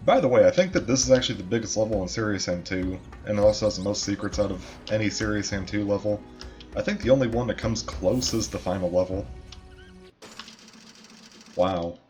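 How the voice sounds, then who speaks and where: A man with a fairly low voice talks his way through a game, relaxed and chatty, now and then swearing or poking fun at himself. Loud game music and some keyboard clatter sit behind him. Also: brisk, highs cut off. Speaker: gamer. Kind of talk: casual gameplay commentary. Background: game music and keyboard typing.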